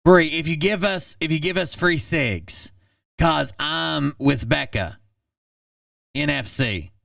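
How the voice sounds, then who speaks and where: Dude reading texts out loud real slow, super gravelly voice, deadpan, sounds a bit far from the mic. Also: male voice, fairly high pitch, no echo, clean studio sound. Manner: flat deadpan read with blunt asides. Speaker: channel host reading text messages. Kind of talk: reading messages aloud with commentary.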